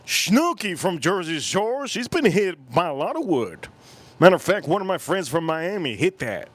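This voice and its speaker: A man's voice: a little high, big pitch swings, normal speed, slightly rough. Rambling man bantering with his live chat. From United States. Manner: drinking on stream between lines. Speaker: livestream host. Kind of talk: casual livestream chat.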